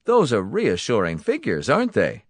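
A man's voice: mid-range voice, wildly swooping pitch, moderate pace, no room sound, voice pushed up. A man voicing a smiling, menacing male clinic boss who speaks with false kindness. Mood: genial menace. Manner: falsely kind, sinister, genial.

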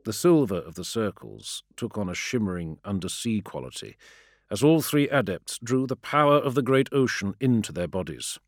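A man narrating a fantasy audiobook in a steady, darkly dramatic way. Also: fairly low pitch, moderate pace, no echo, studio quality.

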